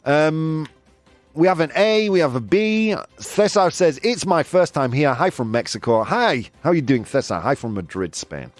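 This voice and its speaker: A man's voice: fairly high pitch, very animated, normal speed, soft background music. A man hosting a live news quiz stream, chatting playfully with viewers and laughing often. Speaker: host.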